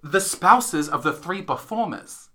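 Giggly young man, lively and bright. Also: on the high side, measured pace. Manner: giggly, rambling storyteller. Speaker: podcast co-host. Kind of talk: casual chat.

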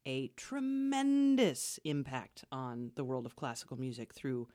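A woman radio host co-hosting a podcast in casual chat, with a smooth, measured presenter delivery that turns conversational. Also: a bass voice, big pitch swings, mellow, no room sound, studio quality.

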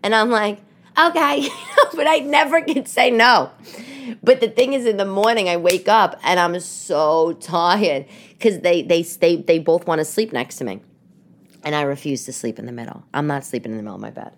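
A woman with a New York accent hosting a casual podcast chat from her living room, telling stories in an animated, expressive way. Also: fairly low pitch, normal speed. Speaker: podcast host.

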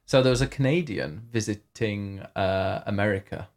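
A man's voice: on the low side, lively intonation, moderate pace. A man co-hosting a podcast in casual chat, rambling and chatty, telling jokes, sharing one microphone with his co-host. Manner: chatty, rambling joke-teller. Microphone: one microphone shared between two.

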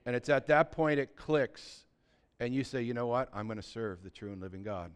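A man preaching a sermon as pastor, talking conversationally and building to loud, emphatic peaks, often acting out what people say. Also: medium pitch, fairly even intonation, normal speed, clean tone. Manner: acts out quoted voices of believers.

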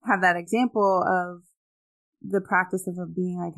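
A woman's voice: fairly low pitch, steady tone, creaky. A woman in her thirties hosting a podcast, agreeing with her guest and building on her points. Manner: warm, affirming, quick to agree. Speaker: podcast host. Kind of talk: casual podcast chat.

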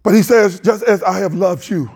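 A man's voice: high-pitched, normal speed, darkish tone, breathy edge. A male pastor, preaching a passionate sermon in a church, hollering with plain colloquial speech.

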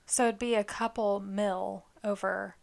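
A woman's voice: mid-range voice, fairly even intonation, measured pace, gravelly. A woman co-hosting a podcast, chatting casually and playfully telling made-up scenarios. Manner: playful storytelling, acting out scenes. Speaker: podcast co-host. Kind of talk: casual chat.

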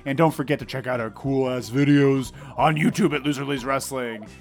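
A man's voice: medium pitch, steady tone, a little fast, soft background music. A man co-hosting a casual podcast, giving rambling, laid-back advice with plenty of fillers. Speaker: podcast co-host. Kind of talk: casual chat.

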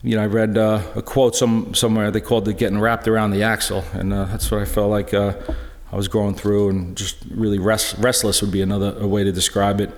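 A middle-aged man giving a personal testimony talk in a church, halting and earnest, full of restarts. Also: lowish voice, flat delivery. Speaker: lay speaker sharing a personal witness. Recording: echoey church hall.

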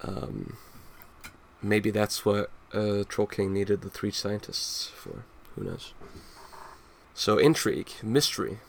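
Male podcast co-host, low creaky voice, halting casual recap. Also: lively intonation, a little hiss or hum. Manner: hesitant, lots of fillers, dry humor. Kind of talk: casual chat recapping a comic.

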